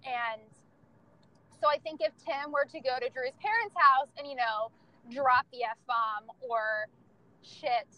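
A woman's voice: sits high, slow pace, muffled recording. A young woman telling candid, profane stories about her family in casual chat, laughing often.

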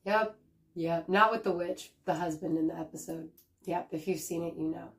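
A woman's voice: fairly low pitch, moderate pace. A woman co-host chatting loosely on a podcast. She rambles from one thought to the next, swears freely and breaks into laughter often. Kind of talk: casual chat.

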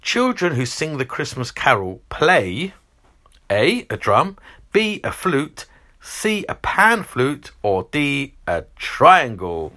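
A man's voice: medium pitch, slow pace. A man hosting a Christmas quiz, reading out multiple-choice questions and teasing the contestants. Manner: animated, teasing, reads multiple-choice options. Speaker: quiz host.

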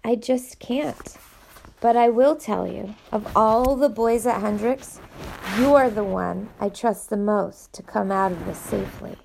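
A woman voicing a weary, sympathetic middle-aged male headmaster, speaking gently and apologetically in an audiobook reading. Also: medium pitch, unhurried, vocal fry, a little hiss or hum. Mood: gentle.

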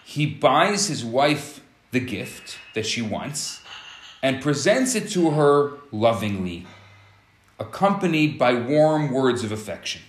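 A man's voice: medium pitch, animated, slow pace, roomy sound. A man giving a relationship teaching talk who explains step by step and acts out scenarios.

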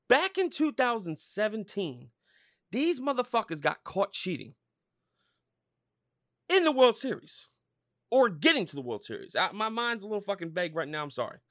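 A man hosting a podcast, ranting about sports in a loud, profane, rambling way. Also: high-pitched, no room sound, clean studio sound. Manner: loud, swearing, rambling and fired-up. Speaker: podcast host.

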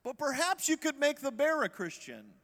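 A preacher doing a scared atheist hiker. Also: male voice, very high voice, very animated, moderate pace, a bit bright, in a large hall, voice pushed up, heavily acted. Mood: sheepish. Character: frightened male atheist hiker.

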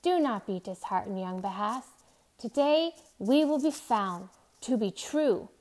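A weathered old seaman, put on by a woman reading a storybook aloud, speaks in a lilting dialect. His voice sits fairly high for an old man and carries loud, urgent calls. He stays steady and protective. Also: measured pace. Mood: reassuring.

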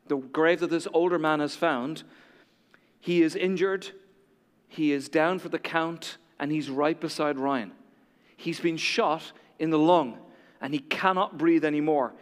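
A man preaching a sermon as a pastor, telling a story dramatically, dropping to a hush and then building to emphatic peaks. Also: sits high, smooth, in a large hall.

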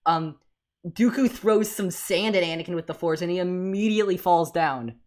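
A woman co-hosting a casual fan podcast, talking in animated, exasperated rants with many restarts. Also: on the low side, normal speed. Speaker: podcast co-host.

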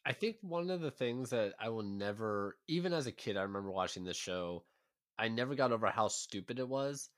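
A man's voice: lowish voice, animated, brisk. A man co-hosting a podcast, chatting casually with joking, self-deprecating banter. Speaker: podcast co-host. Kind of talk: casual chat.

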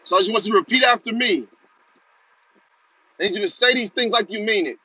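A man's voice: high voice, a little fast, pushed and bright, slightly rough, no room sound, dull audio. A man hosting a podcast, giving an urgent motivational talk and leading the listener in repeat-after-me chants. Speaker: podcast host.

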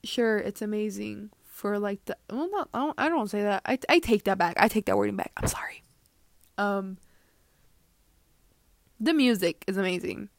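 A woman's voice: medium pitch, expressive, normal speed, creaky, long pauses. A young woman hosting a podcast, rambling through a casual, joking rant and dropping into whispered asides. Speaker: podcast host.

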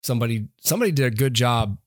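A man's voice: mid-range voice, expressive, very fast. A man co-hosting a casual movie podcast, rambling and enthusiastic, often restarting his sentences. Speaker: podcast co-host. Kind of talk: casual chat about movies.

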